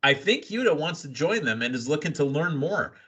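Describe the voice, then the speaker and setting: A man hosting a casual wrestling recap podcast, excitable and quick with asides and laughs. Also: a little high, husky. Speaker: podcast host.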